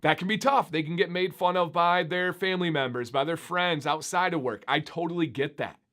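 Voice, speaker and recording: A man chatting upbeat and animated to his viewers in a casual vlog. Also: fairly high pitch, fairly quick. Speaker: beard YouTuber. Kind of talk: casual vlog talk to camera.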